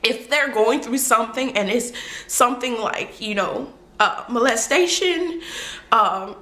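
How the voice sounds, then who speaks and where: A woman's voice: fairly high pitch, animated, a little slow, bright, forceful tone. A woman vlogger talking heartfelt to the camera, earnest and insistent, repeating phrases for emphasis, in a room at home on the camera mic. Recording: echoey room.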